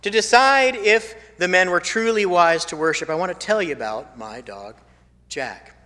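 Pastor with a bright voice in a big hall. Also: male voice, high voice, lively intonation, moderate pace. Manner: storytelling, swinging from emphatic to hushed; repeats phrases for emphasis. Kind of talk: sermon. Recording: long hall reverb.

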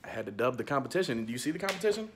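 A young man vlogging in a fast, slangy, hyped-up casual chat. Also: mid-range voice, sing-song, fairly bright tone, a little hiss or hum.

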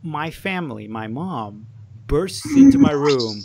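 A man's voice: on the high side, wildly swooping pitch, unhurried. A young man hosting a podcast in casual chat, joking and laid-back with many filler sounds. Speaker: podcast host. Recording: faint background noise.

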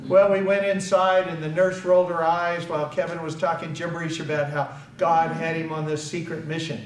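A man's voice: fairly high pitch, little pitch movement, fairly quick, faint music behind. An older American man giving an earnest public speech, telling a personal story and acting out the voices of the people in it. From United States. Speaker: speaker. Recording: echoey hall from far off, faint ambience.

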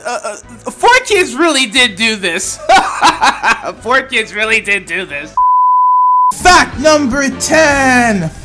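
A YouTube host reading out a list of anime facts from a script and calling out each fact number loudly. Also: medium pitch.

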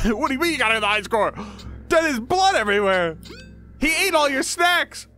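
This is an exasperated parent yelling at a gamer, put on by a man in a video game playthrough. The voice jumps high and sharp, and the scolding is shrill and bright. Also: wildly swooping pitch, measured pace, faint music behind, full character voice.

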